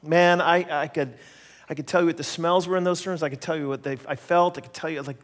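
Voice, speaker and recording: A middle-aged man gives a sermon and tells stories from his own life, acting out each voice he quotes. His voice sits a little high for a man. A long reverb trails behind every phrase, the sound of a large hall. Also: quick pace. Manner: animated, laughing storyteller who acts out quoted voices. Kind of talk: sermon storytelling.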